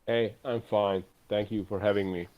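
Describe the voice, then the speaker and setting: A man's voice: lowish voice, fairly even intonation, moderate pace. A man from Europe, a podcast guest who hesitates and searches for words. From Eastern Europe. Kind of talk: casual podcast chat. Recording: slightly dull lo-fi mic.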